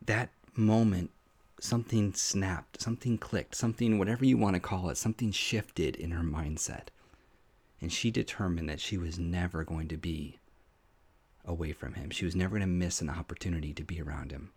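A man's voice: deep voice, moderate pace, a little mellow, husky. A man hosting a devotional podcast, preaching in an earnest, heartfelt, personal way and often restarting his sentences. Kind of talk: conversational sermon.

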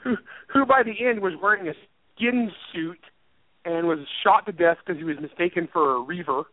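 A man's voice: high voice, normal speed, slight background noise. A man, an author and writing teacher, chatting casually in an interview, rambling and self-deprecating and laughing often. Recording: tinny phone line, dry.

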